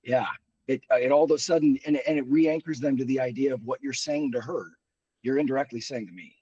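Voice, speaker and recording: Hoarse man on a muffled line. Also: medium pitch, a little fast, mellow, dry recording, recorded from a distance. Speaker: guest. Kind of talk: casual talk show chat.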